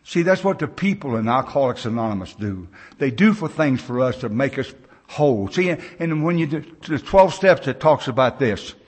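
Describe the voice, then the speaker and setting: An older American man tells his recovery story to a large conference crowd, his medium-pitched, husky voice animated and moving at a normal speed. He's a plain-spoken, folksy storyteller who acts out the voices of the people in his tale.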